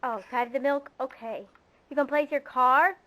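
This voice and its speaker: Mom doing baby talk at her little one, super high sing-songy voice, home video. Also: fairly even intonation, fairly quick, sharp tone. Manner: coaxing, sing-song toddler talk. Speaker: mother.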